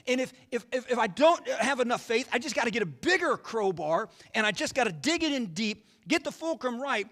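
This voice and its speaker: Bright-voiced pastor preaching. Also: male voice, extremely high pitch, long reverb tail. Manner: storytelling, folksy, rhetorical questions. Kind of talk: sermon. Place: church sanctuary.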